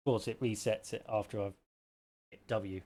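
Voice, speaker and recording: A man's voice: on the low side, fairly even intonation, moderate pace, a little mellow. A man giving live commentary on his own gameplay, chatty and jokey, talking to himself as he plays. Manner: chatty and jokey, talks to himself while playing. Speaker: streamer.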